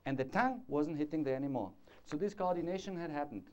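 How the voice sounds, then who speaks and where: Speaking fast in a slightly high, darkish voice, a man gives a discursive live lecture on orthodontics in a conference hall, gesturing to demonstrate and checking in with his audience. The sound comes from a dull, lo-fi 1990s conference tape.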